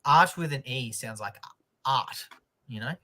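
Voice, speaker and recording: A man's voice: mid-range voice, animated, a little slow, pushed and bright. A man with an Australian accent, co-hosting a news comedy livestream in casual chat, joking and swearing freely.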